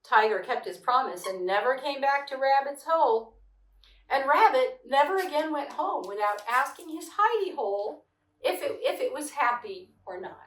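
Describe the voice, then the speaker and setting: A middle-aged woman reading children's stories aloud with gentle expression, sometimes chatting warmly to a child beside her. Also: high voice, lively intonation, moderate pace. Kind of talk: children's story read-aloud. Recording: echoey room, mic at a distance.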